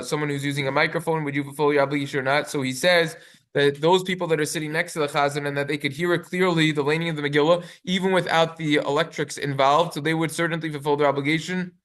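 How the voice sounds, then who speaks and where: In a quick halachic lecture, a male rabbi with a voice on the high side and a fairly bright tone reads Hebrew sources aloud before translating them. His pitch barely moves, and his translations are full of fillers.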